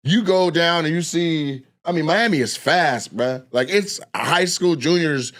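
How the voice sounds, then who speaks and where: A man telling stories in a casual chat, animated and profane, acting out the voices of people he quotes. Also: fairly high pitch, a little slow. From Lacey, Washington. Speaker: comedian guest.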